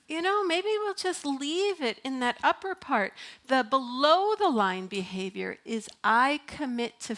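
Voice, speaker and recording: A middle-aged woman preaches to her congregation in a church, her voice a little higher than most. She keeps it conversational and playful, breaking into laughter as she goes. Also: fairly bright tone. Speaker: minister. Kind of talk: sermon. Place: church sanctuary.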